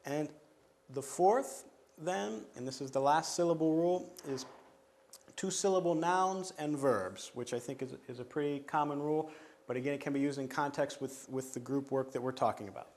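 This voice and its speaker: Male lecturer, slightly high voice, steady explanatory delivery, pauses to clear throat. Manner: measured, explanatory, frequent restarts and throat clearing. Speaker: teacher trainer. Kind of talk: lecture on teaching pronunciation.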